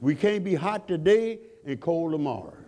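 A man's voice: fairly high pitch, lively intonation, normal speed, dark tone. A man preaching a sermon in call-and-response style, asking the congregation questions and climbing to fervent peaks.

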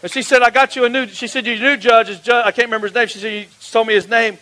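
A man's voice: extremely high pitch, steady tone, fast, bright, forceful tone, low-quality recording. A male pastor preaching, telling his story with acted-out dialogue in a folksy, emphatic way. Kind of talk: sermon testimony storytelling.

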